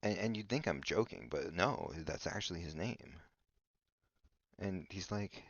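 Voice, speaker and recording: Very low-voiced rambling podcast man. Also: animated, measured pace, gravelly, no room sound. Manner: hesitant, filler-heavy, restarts often. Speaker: podcast host. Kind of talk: rambling comedic monologue. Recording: dull lo-fi dry recording.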